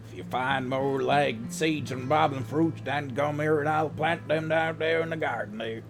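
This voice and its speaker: A man's voice: a little high, steady tone, normal speed, music in the background, pitched above the performer's own voice, close to an everyday voice. A man voicing an old rustic male gardener with a put-on West Country accent, rambling in folksy dialect. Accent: West Country English, put on.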